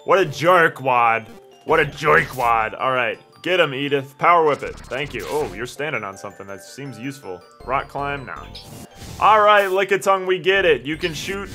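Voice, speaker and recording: A man hosting a let's play, commentating excitably and yelling at his teammate and the game. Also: medium pitch, normal speed, soft background music.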